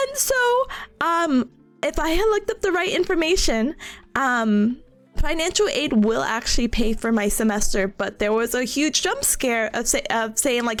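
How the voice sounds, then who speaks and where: Young woman streamer, high and very animated, giggly and self-mocking, soft music underneath. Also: moderate pace. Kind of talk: casual chat with live chat.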